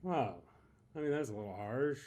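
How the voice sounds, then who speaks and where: A man hosting a casual interview, joking and animated, swinging between loud bursts and mumbled asides. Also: medium pitch, normal speed, soft background music. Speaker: host.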